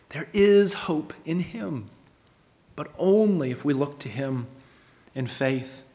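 Preacher guy giving a sermon, kinda high voice, earnest and emphatic, big echoey church sound. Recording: long hall reverb.

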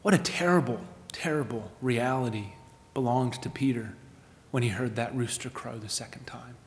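A man preaching a sermon, asking rhetorical questions and moving between emphatic lines and hushed ones. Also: mid-range voice, normal speed, long reverb tail. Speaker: pastor.

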